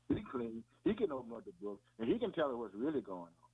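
A man's voice: mid-range voice, big pitch swings, fast talker, breathy edge. A man preaching an informal sermon in a folksy way, often calling his listeners "man" and "boy" and repeating himself. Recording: tinny phone-like radio audio.

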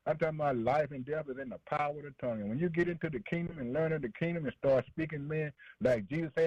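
A man's voice: fairly high pitch, fast, hardly any pauses, darkish tone, no room sound. A man a sermon, rhythmic and repetitive, calling out "man" and "boy" between phrases. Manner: preachy call-and-response, fillers like man and boy. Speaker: preacher. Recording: dry, dull lo-fi radio broadcast.

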